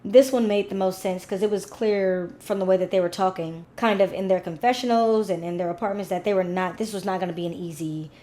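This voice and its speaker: A woman's voice: mid-range voice, fairly even intonation, fairly quick, few pauses, dark tone. A young woman chatting casually as a recap vlogger, rambling with asides to her viewers.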